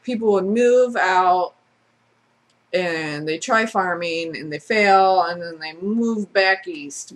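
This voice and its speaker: Woman, vlogger, casual ranting monologue, sarcastic, blunt, swearing, middle pitch. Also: a bit bright.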